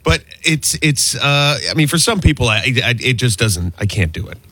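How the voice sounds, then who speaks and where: Radio co-host, man, bright high husky voice, emphatic and indignant, dry mic. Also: big pitch swings, moderate pace, dry recording. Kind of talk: morning radio banter.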